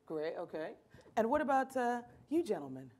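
A woman's voice: on the high side, big pitch swings, normal speed, darkish tone. A woman hosting a live panel talk in a chatty, playful way with frequent fillers. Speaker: panel moderator.

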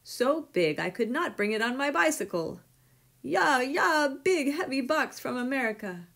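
A woman voicing an excitable male village postman who hollers his news. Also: on the low side, a little fast, lightly acted. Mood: excited. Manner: loud hollering.

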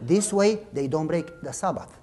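A woman voicing a stern male church caretaker and father who scolds loudly. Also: low voice, lively intonation, moderate pace. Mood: hushed. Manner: scolding, shouting.

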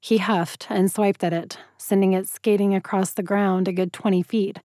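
Woman narrator for a first-person romance audiobook; warm, intimate, emotive read in a dry booth. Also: medium pitch, fairly even intonation, moderate pace, dry recording.

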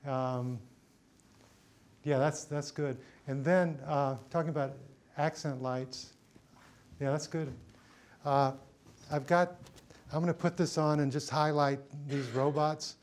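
A man's voice: a little high, steady tone, slow pace, long pauses. A middle-aged man teaching a cinematography workshop, thinking aloud with many fillers and restarts as he sets lights in a studio. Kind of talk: hands-on lighting demonstration.

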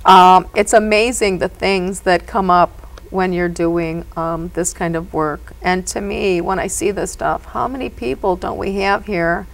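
Female medium guest with a fry in her voice, earnest and lively in conversation. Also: fairly low pitch, unhurried, rough recording. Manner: animated and earnest, often says "you know". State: emotional at moments. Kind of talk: storytelling in a conversation.

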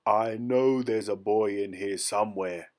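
A man's voice: on the low side, flat delivery, slow. A man voicing a huge, angry, man-eating male giant in a storybook reading, growling and bellowing.

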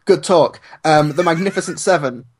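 A man's voice: fairly high pitch, moderate pace, a little hiss or hum. Hesitant man, dry-humored podcast co-host. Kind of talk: casual chat.

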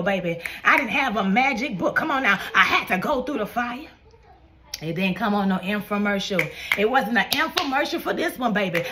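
A woman's voice: mid-range voice, fairly bright tone. Fervent woman preaching a prophetic word. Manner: fervent, repeats "come on now" and "baby". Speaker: online prophetic minister.

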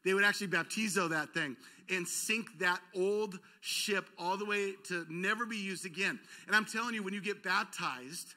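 A man who pastors a church tells a story from the pulpit of a church auditorium at normal speed, barely pausing. His voice is high, very bright and ringing, and he's animated and self-mocking, voicing the shouts and cries of the figures in his tale.

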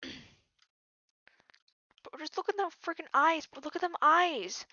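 A woman giving casual gameplay commentary as a channel host, jittery and slangy, dropping from mumbles to sudden yells. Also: very high-pitched, expressive, a little slow, dry recording, dull audio. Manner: slangy, keeps saying "bro" and "freaking".

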